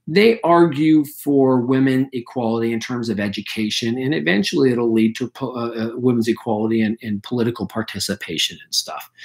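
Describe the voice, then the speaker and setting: A male history teacher running a casual review session, talking loosely with many fillers, and losing his voice. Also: medium pitch. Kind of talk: live online review session.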